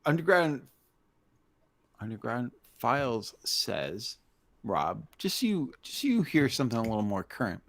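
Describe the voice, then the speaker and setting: Give me a slow-talking male co-host with a lively, lowish voice who teases in a mock trailer voice. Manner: teasing, mock trailer-voice narration. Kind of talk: casual live-stream banter.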